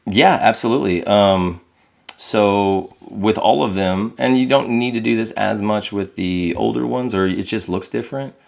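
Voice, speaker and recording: A man with a very low, deep voice speaks candidly as a podcast guest. He is earnest and reflective, and he lifts his voice when he acts out what people said. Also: moderate pace, creaky, darkish tone. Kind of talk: candid conversational storytelling.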